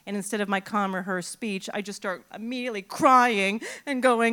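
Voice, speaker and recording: Woman, middle-aged, live storyteller, animated, self-mocking, smooth voice. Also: medium pitch, normal speed, hardly any pauses.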